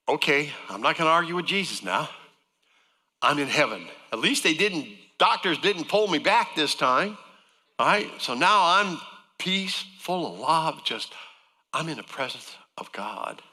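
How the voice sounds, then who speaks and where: A man's voice: a little high, bright, forceful tone, big-room sound. A man giving an emotional church testimony, storytelling with wry joking asides. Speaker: guest speaker sharing a testimony. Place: church sanctuary.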